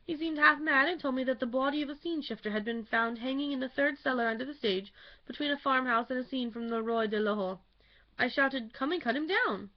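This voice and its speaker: A pompous middle-aged theatre manager recounts the affair in stiff, self-important terms, read aloud by a woman. The voice stays fairly high and close to her own, and the recording sounds dull and lo-fi. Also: fairly quick, lightly acted. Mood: formal.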